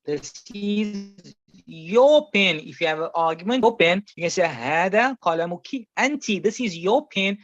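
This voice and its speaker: A man's voice: sits high, expressive, normal speed, a bit bright, faint music behind. A man teaching a classroom Arabic grammar lesson, patiently explaining and repeating each example several times. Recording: muffled, slightly lo-fi sound.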